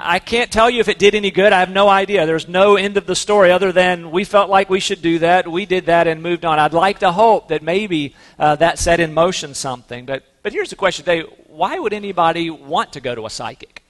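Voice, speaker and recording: Male pastor, high voice, relaxed storytelling sermon, big reverberant sanctuary. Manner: conversational storytelling with fillers and restarts.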